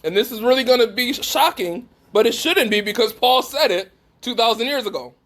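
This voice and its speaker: Very high-voiced man preaching emphatically. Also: lively intonation, brisk, a bit bright. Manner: emphatic, questions the listeners directly. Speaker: speaker at a faith gathering. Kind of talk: preaching talk to a live group.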